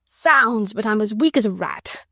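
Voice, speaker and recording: A woman reading an audiobook voices a sleepy, affected English gentleman who drawls lazily and good-humouredly while weak and exhausted. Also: medium pitch, expressive, a little slow, no room sound, studio quality, exaggerated voice. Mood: weary drawl.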